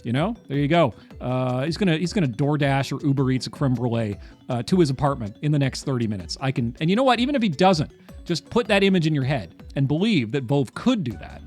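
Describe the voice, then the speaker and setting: A man's voice: mid-range voice, big pitch swings, a little fast, darkish tone, faint music behind. A man chatting casually on a livestream while doing crosswords, rambling and wry, with lots of "uh" and repeated phrases.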